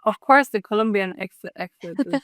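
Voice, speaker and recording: A woman speaking English as a second language with an accent, a podcast guest talking in a hesitant way, with many pauses and ums. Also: mid-range voice, fairly bright tone, no echo. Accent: non-native English. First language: not English. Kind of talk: casual interview chat.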